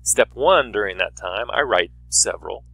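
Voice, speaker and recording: A man's voice: fairly low pitch, expressive, moderate pace, gravelly, pushed and bright, husky, no echo. A man teaching a writing lesson in a chatty, explaining way. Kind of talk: classroom video lesson.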